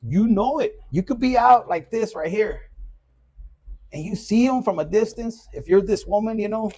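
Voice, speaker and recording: A man's voice: high voice, animated, normal speed, warm tone. A man giving a loose, profane, casual collective tarot reading. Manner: loose and profane, with Spanish slang mixed in. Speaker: tarot reader.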